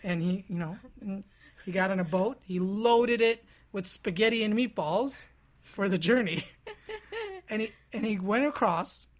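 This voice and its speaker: A woman's voice: medium pitch, a little slow. A woman, a podcast host in casual chat, explaining history as a joking storyteller who slips into silly voices.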